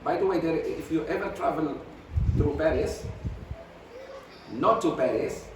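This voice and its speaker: A man's voice: fairly high pitch, animated, brisk. Fiery man lecturing in an echoey hall. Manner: fiery, emphatic volleys of rhetorical questions; sprinkles Arabic religious phrases. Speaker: sheikh teaching Quran commentary. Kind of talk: religious class lecture. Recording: very echoey, distant mic, noisy.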